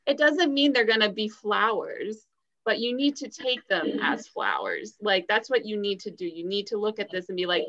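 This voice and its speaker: A woman's voice: fairly high pitch, lively intonation, normal speed, pushed and bright. A woman, a podcast guest, giving earnest and encouraging advice in casual talk. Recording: dull lo-fi sound.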